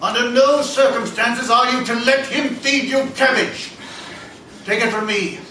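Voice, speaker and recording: An actor playing a randy, cheeky sidekick who teases and keeps digressing in a live stage comedy. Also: male voice, very high-pitched, fairly even intonation, unhurried, pushed and bright, full character voice. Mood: mock-earnest. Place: small theater stage. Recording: echoey theater from far off, faint hiss.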